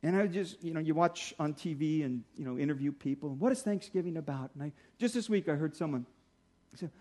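A middle-aged male pastor preaching a sermon in a conversational way, slowing down to stress key points. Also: on the high side, expressive, warm tone. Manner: conversational preaching, slows for emphasis.

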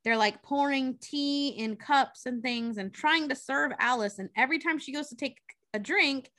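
A woman's voice: high voice, normal speed, pushed and bright. A woman casually retelling a story, breezy and profane, briefly acting out the characters' lines.

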